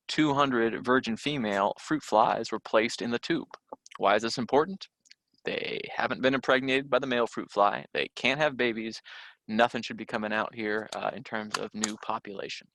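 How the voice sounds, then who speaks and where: A man's voice: fairly low pitch, moderate pace, fairly bright tone, dry recording. A man teaching a recorded test-prep lesson, talking through questions in a loose conversational way with frequent fillers and restarts.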